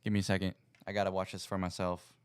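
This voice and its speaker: Young male host with a low, resonant voice, chatty and self-correcting on a home livestream. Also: completely flat delivery, fast, clean tone, dry recording. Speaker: podcast host. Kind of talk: casual livestream chat. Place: home setup at a computer.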